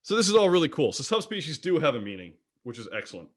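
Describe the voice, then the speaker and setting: A man presenting an online slide lecture about birds, playful and jokey, with wide swings in pitch. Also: big pitch swings, quick pace, no echo, clean studio sound. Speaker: guest presenter of a bird talk.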